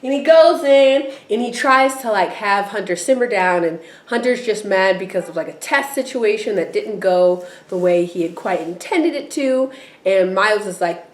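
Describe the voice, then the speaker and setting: A woman's voice: mid-range voice, moderate pace, echoey room, a little hiss or hum. A woman co-hosting a podcast, casually recapping a TV episode and acting out the characters' lines in put-on voices. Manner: animated, acts out characters' lines in quoted voices. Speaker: podcast co-host.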